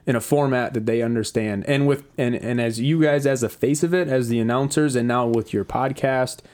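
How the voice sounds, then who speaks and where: A man's voice: medium pitch, steady tone, brisk, a little mellow. A man appearing as a guest on a casual podcast, earnest and full of praise, with a dry teasing streak. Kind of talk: casual chat.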